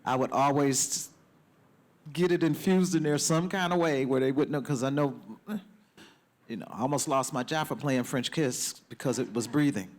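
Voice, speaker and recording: Male DJ panelist, animated storyteller, mid-pitched voice. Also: normal speed. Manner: animated, acts out quotes.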